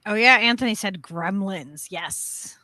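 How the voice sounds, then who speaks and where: A woman's voice: mid-range voice, lively intonation, bright, forceful tone, no echo. A woman co-hosting a casual chat, dropping in short remarks and giggling often. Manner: slow, giggly interjections. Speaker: co-host.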